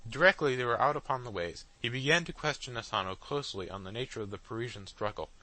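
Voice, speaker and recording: A man narrating a classic novel as an audiobook in a steady literary reading. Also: medium pitch, fast talker, low-quality recording. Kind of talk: scripted narration.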